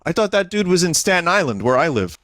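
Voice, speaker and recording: A man's voice: a little high, very animated, fast, fairly bright tone, no room sound. Rambling New man streaming. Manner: rambling, self-correcting, swears casually. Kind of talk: casual stream chat.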